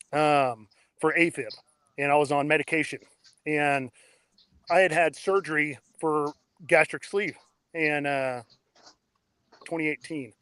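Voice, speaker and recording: Blunt, excitable man telling his story. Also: a little high, smooth, no room sound. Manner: blunt, excitable, swears freely. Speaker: podcast guest. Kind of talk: casual interview storytelling.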